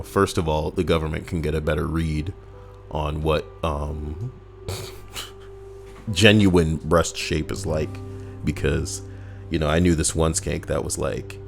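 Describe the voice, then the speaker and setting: A man with a deep, low voice rambles through casual gameplay commentary, swearing and wisecracking as he reads a list aloud. Faint music plays underneath. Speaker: gaming YouTuber. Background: faint background music.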